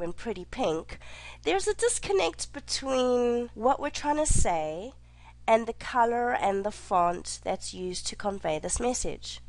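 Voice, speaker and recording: A woman teacher talks through a recorded lesson in a fairly high voice with a very animated, swooping melody. She speaks clearly and deliberately, slowing down to stress her examples. The recording is dry and close, with no room sound. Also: no echo. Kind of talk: recorded online lecture.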